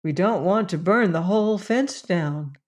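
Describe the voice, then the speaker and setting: A woman's voice: lowish voice, a little slow, close to an everyday voice. A woman voicing an earnest, polite young boy in an audiobook. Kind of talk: audiobook character voice.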